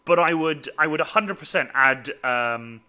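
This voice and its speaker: Bright, rambling male host. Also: fairly high pitch, moderate pace, clean tone. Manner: rambling, full of fillers and restarts. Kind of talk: casual chat.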